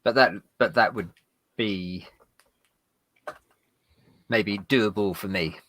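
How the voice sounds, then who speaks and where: A man's voice: lowish voice, takes it slowly, a bit bright, no echo. A man playing a tabletop game, asking the game master questions and answering briefly. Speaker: player. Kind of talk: casual tabletop play.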